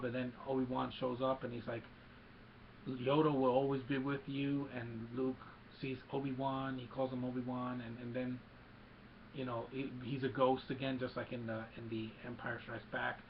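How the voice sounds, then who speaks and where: A man giving an excited, rambling casual recap of a movie, with many fillers. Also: medium pitch, vocal fry, dull audio, a little hiss or hum. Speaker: movie reviewer.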